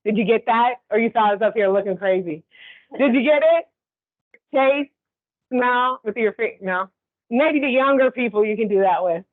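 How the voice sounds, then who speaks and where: A woman instructor giving a conversational training lecture, often checking in with the class. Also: a little high. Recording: tinny phone-like sound.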